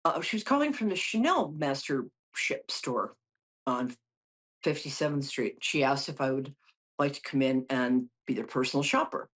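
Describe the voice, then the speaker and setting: A woman's voice: rumbling low, lively intonation, moderate pace, a bit bright, husky, muffled recording. A middle-aged woman hosting a call-in psychic show, reading tarot cards in a chatty, joking way with lots of asides. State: tired from no sleep. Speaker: psychic host.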